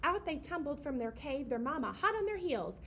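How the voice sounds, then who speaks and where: Lively high-voiced woman reading to babies. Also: normal speed, a little hiss or hum. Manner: sing-song, playful, acts out animal sounds. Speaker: children's librarian leading storytime. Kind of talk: reading a picture book aloud to babies. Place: library storytime room.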